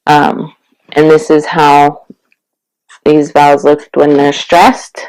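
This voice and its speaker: A woman giving a casual video-blog language lesson, explaining slowly and relaxed, with many fillers. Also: deep voice, smooth, rough recording. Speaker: language teacher.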